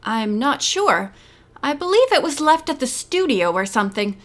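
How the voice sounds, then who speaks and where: A woman reading the lines of a smooth, patronizing male organizer in an audiobook, in a soothing, reassuring manner. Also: high voice, sing-song, moderate pace, fairly bright tone.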